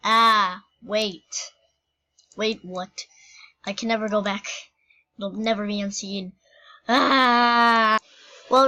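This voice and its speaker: Slow-talking playful woman gamer. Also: medium pitch, a bit bright, highs cut off. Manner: playful and giggly, silly jokes. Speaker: gaming YouTuber. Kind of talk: gameplay commentary.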